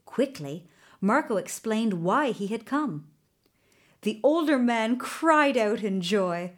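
Slow, gentle woman reading a storybook. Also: a little high, expressive. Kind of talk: storybook narration.

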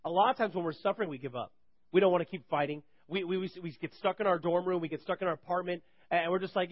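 A man's voice: high voice, very fast, lo-fi sound. A man giving a casual, rambling sermon to college students at a live campus gathering, chatty and full of joking asides. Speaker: campus ministry preacher.

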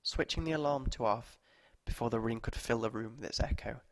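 A man reads short stories aloud in a mid-range voice, measured and steady. The recording is close and dry, with no room echo. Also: mid-range voice. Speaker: narrator.

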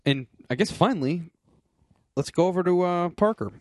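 A man co-hosting a casual podcast, fairly high-voiced, with a lot of swing in his pitch. He recaps a show loosely and jokes his way through it. The recording is close and dry. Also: lively intonation, normal speed, dry recording. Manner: loose, jokey, acts out quotes. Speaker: podcast co-host.

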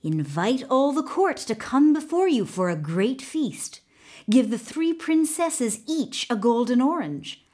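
A woman doing a scheming, smooth-talking royal advisor. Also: high-pitched, very animated, measured pace, darkish tone, full character voice. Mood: persuasive.

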